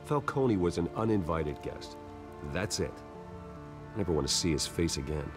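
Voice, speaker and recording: An actor playing a calm, guarded wealthy young heir, speaking in a measured, earnest way. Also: male voice, deep voice. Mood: firm. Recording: game audio with faint music.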